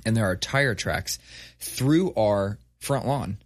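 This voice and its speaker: A man's voice: lowish voice, takes it slowly, slight background noise. A man in his thirties telling a story in casual, profane conversation, acting out quotes as he goes. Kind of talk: casual chat.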